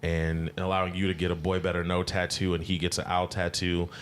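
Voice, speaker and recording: A man co-hosting a music podcast in casual chat, animated and laughing often. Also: low-pitched, fairly quick, a little hiss or hum. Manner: animated, laughs often, mimics rapper voices. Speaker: podcast co-host.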